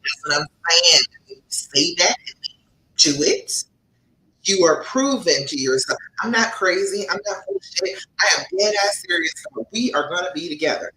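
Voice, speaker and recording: A woman's voice: on the low side, lively intonation, normal speed, bright, forceful tone, roomy sound, slight background noise, rough recording. A woman relationship coach hosting a live-stream advice session, speaking emphatically, laughing often and calling her viewers by name.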